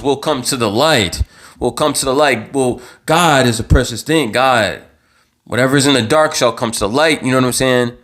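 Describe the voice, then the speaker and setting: A young man hosting his own live show, giving impassioned commentary in a heated, worked-up voice, repeating himself and stumbling over restarts as he gets louder. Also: fairly high pitch. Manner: heated, repetitive, stammering restarts, rising to near-yelling. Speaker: vlog host.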